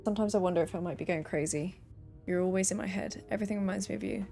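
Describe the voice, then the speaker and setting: A woman's voice: on the low side, very fast, warm tone, faint music behind. A young woman streaming a game, reading letters and notes aloud with playful asides.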